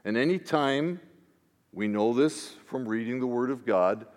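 A man, a pastor, preaching a sermon in an expressive style that swings between hushed asides and emphatic declarations. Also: mid-range voice, a little slow. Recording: long reverb of a large hall.

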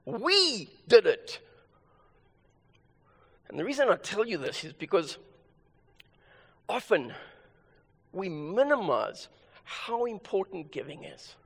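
Male pastor, high voice, emphatic sermon delivery, long hall reverb. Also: sing-song, unhurried, creaky, pauses often, breathy edge. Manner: emphatic, repeats key phrases.

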